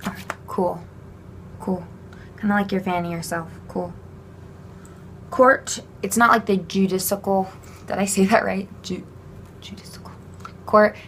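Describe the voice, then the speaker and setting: A woman's voice: medium pitch, fairly even intonation, unhurried, pauses often, a bit bright, slight background noise. A young woman casually explaining sign language vocabulary to a home camera, chatty, with fillers and small laughs.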